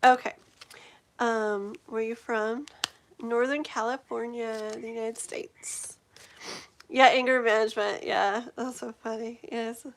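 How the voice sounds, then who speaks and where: Woman, forties, slightly high voice, tarot reader, casual livestream chat, rambling, giggly, lots of fillers. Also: steady tone, a little slow. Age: 40s.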